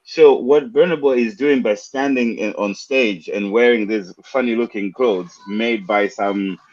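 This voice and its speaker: A man's voice: fairly low pitch, a little slow, darkish tone. A man on a discussion panel, arguing his points step by step. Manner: argumentative, building points step by step. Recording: muffled audio.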